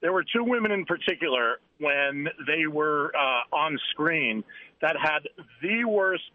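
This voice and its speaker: Man, phone caller, halting, repeats himself, dull lo-fi line, slightly high voice. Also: expressive, a little hiss or hum. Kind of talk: phone-in call.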